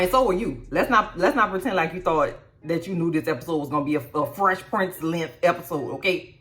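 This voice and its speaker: A woman's voice: fairly low pitch, brisk, fairly bright tone, soft background music. A woman hosting a casual show recap, blunt and profane, with mocking asides. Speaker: YouTube recap host. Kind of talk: casual reaction commentary.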